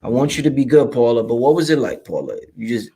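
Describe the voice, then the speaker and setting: Quick-paced with a mid-range voice, a Brooklyn man runs a relaxed livestream, cursing loosely as he reads and answers the chat. Animated and streetwise, he speaks right to his audience.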